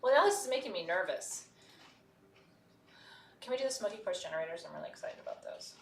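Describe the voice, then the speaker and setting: A woman's voice: on the low side, animated, quick pace, gravelly, a little hiss or hum. A woman hosting a live shopping stream, candid and chatty, laughing often. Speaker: host. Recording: roomy, distant mic.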